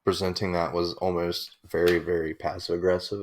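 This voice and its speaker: A man's voice: deep voice, flat delivery, fairly quick, hardly any pauses. A young man hosting a reaction video, ranting in casual, profane commentary.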